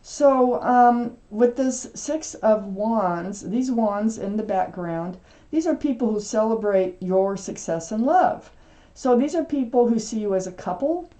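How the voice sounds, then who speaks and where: Soft-toned woman giving a tarot reading. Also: a little high, lively intonation. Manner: halting, with frequent ums and restarts; gentle, reassuring, speaks directly to the viewer. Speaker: tarot reader. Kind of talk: casual tarot reading to camera.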